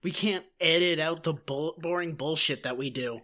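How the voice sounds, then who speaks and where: A woman's voice: low voice, moderate pace, a bit bright. A woman co-hosting a podcast, giving casual, sarcastic and profane commentary on an episode. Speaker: podcast co-host. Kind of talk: casual episode recap chat.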